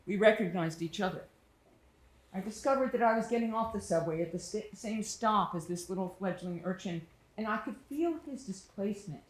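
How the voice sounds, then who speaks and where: A woman performing a solo storytelling monologue on stage, tender and reflective, lingering on her words. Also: medium pitch. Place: small studio theater stage. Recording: echoey theater room.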